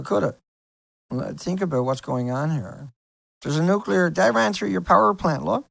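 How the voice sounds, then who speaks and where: A man with a voice on the high side and some vocal fry hosts his own video, talking casually yet insistently over on-screen pictures. He rambles and poses rhetorical questions, and the recording has no echo.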